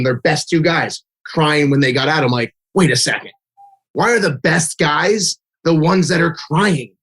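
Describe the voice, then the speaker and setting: A man's voice: on the high side, a bit bright. A man who coaches youth baseball, telling stories in a casual interview, chatty and full of "like", acting out quotes. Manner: chatty, fills speech with "like", acts out kids' and his own quotes. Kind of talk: casual interview chat, storytelling.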